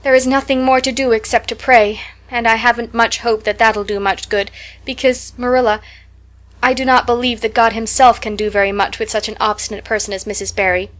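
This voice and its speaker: A woman's voice: fairly high pitch, level tone, brisk, lightly acted. A woman voicing a dramatic, imaginative orphan girl who speaks in flowery, theatrical phrases. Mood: indignant.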